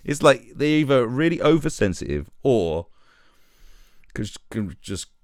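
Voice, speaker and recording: A man's voice: medium pitch, sing-song, unhurried, dry recording, studio quality. A British man hosting a live stream, ranting sarcastically and mocking in casual commentary.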